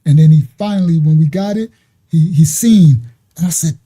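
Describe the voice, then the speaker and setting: A middle-aged man telling a story in an animated, rambling way, laughing and mimicking sounds. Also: on the high side, moderate pace, slightly rough. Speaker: ministry speaker. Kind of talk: casual storytelling.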